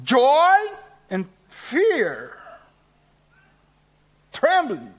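A man with a Portuguese accent, a native Portuguese speaker, preaching a sermon in slow, emphatic teaching style. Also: very high-pitched, huge pitch swings, rough recording. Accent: Brazilian Portuguese.

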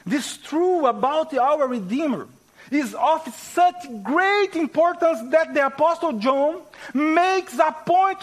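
A man with a Portuguese accent, a native Portuguese speaker, preaching a sermon in slow, emphatic teaching style. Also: very high-pitched, poor audio. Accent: Brazilian Portuguese.

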